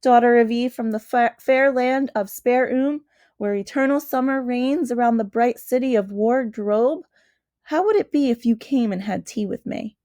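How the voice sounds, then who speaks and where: A woman's voice: on the high side, moderate pace, warm tone, no echo, studio quality, close to an everyday voice. A woman voicing a courteous, remorseful male faun in a storybook reading, earnest and anxious in manner. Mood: hospitable. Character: gentle, fretful male faun.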